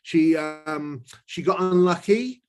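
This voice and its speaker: A man's voice: on the high side, slow. A man with a London English accent, chatting casually and playfully over a video call as the interviewer. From England. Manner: friendly and joking with a child.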